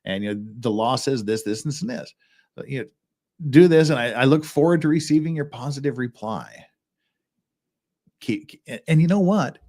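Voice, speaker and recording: A man's voice: medium pitch, expressive, normal speed, a little mellow. A man hosting a legal commentary show, talking casually in a rambling way with restarts and chuckles. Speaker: host of a legal commentary channel.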